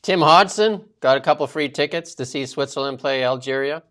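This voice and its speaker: A man's voice: medium pitch, fairly quick, a bit bright. A man from Canada co-hosting a political talk show, ranting indignantly with sarcastic asides. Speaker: co-host. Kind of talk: political commentary chat.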